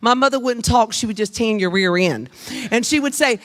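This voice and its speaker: An older woman preaching a Mother's Day sermon in church, humorous and lively, calling on the congregation to answer back. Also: a little high, normal speed. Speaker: guest preacher. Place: church sanctuary.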